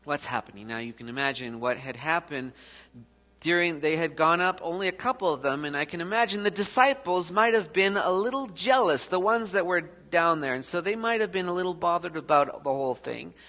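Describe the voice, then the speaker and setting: Bright-voiced preacher in an echoey church. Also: male voice, a little high, fairly quick. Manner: animated storytelling preacher, swings between loud and soft. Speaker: pastor. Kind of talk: sermon. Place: church sanctuary.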